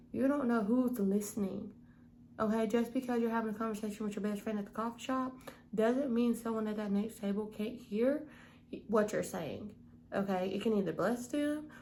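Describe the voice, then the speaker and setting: A woman's voice: medium pitch, warm tone, slight background noise, rough recording. A young woman giving a casual devotional Bible study, earnest and often checking in with "okay?". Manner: earnest, repeats "okay?" to the listener.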